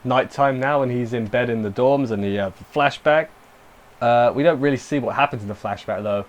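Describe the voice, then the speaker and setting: A man's voice: mid-range voice, normal speed, highs cut off. A young man casually recapping and reviewing an anime episode, rambling with self-deprecating asides and lots of fillers.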